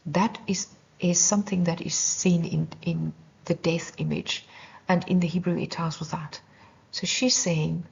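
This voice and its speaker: A woman teaching a devotional Bible lesson, slow and intense, often dropping into a whisper. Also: fairly low pitch, gravelly, slight background noise. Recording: lo-fi dull recording.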